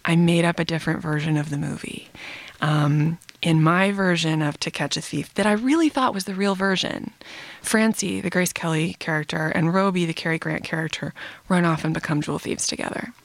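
A woman's voice: low-pitched, steady tone, a little fast, vocal fry, no echo. Reflective woman novelist in interview. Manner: reflective, with fillers and laughs. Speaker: novelist, guest. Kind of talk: casual interview chat.

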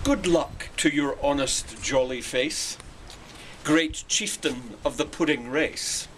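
A man recites verse slowly and dramatically, savoring each line. His voice sits a little high. A faint hiss runs under the clip. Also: a bit bright. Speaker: reciter of a poem. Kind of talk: poetry recitation. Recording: online clip with faint background noise.

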